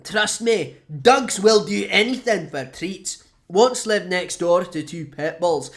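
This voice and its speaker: A man's voice: high-pitched, takes it slowly, fairly bright tone. A Scottish man, a comedian and streamer, chatting casually to his live chat in a rambling, profane, sardonic way, with lots of fillers.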